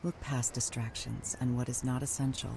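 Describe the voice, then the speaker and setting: A man voicing a calm, solemn guiding narrator in a game, speaking in slow meditative instructions. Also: mid-range voice, vocal fry, lightly acted. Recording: noisy game audio.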